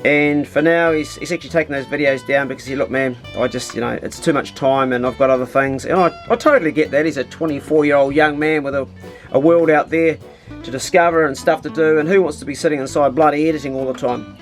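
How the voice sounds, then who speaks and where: A man with a New Zealand accent hosting a vlog, chatting casually to camera in a relaxed, easygoing way with plenty of slang. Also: fairly high pitch, fast, soft background music. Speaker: vlogger host.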